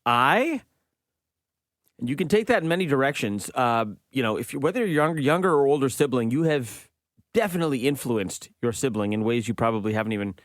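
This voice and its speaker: A man in his forties trades casual banter as a radio co-host. His pitch swings widely as he tells stories and laughs along. The sound is dry and close. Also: quick pace, no echo. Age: 40s. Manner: animated, laughing storyteller.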